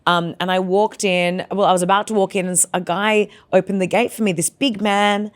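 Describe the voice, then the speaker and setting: A young woman with an Australian accent, a comedian chatting as a guest and telling animated stories full of acted-out quotes. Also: mid-range voice, fairly quick. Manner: animated storyteller, acts out quotes, calls people babe. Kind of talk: casual chat.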